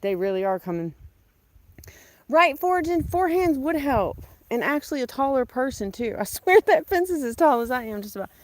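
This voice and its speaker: A woman's voice: sits high, sing-song, moderate pace, dry recording. A woman chatting casually to the camera while she works in her outdoor garden. She talks to herself in a joking, exclamatory way. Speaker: gardening vlogger.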